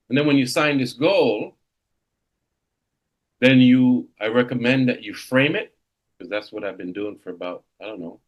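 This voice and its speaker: A man in his fifties leads a motivational coaching session for real estate agents. His mid-pitched voice rises and falls widely. He speaks with an animated, exclamatory energy. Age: 50s. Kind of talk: coaching seminar.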